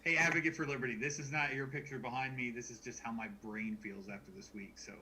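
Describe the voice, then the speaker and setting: A man co-hosting a podcast in casual chat, dry and low-key. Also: fairly even intonation, quick pace, pushed and bright, a little hiss or hum, rough recording. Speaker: podcast co-host.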